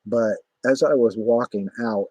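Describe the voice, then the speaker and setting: Low husky-voiced man rambling. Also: steady tone, measured pace, a little mellow, dry recording, dull audio. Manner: rambling, profane, many fillers. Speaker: vlogger. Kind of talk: casual spoken storytelling.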